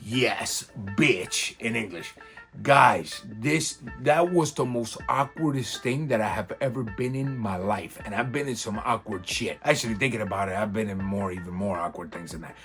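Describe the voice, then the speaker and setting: A young man telling a comedic story in a casual, animated, slangy way, with plenty of swearing. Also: lowish voice, normal speed, soft background music. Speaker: storyteller host.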